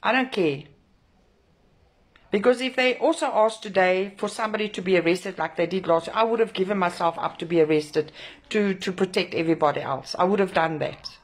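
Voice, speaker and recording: A woman's voice: lowish voice, brisk. A woman, an angry protest organiser shaken after a clash, ranting to camera with heavy swearing and emphatic repetition. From South Africa. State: emotionally shaken. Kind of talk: angry direct-to-camera rant.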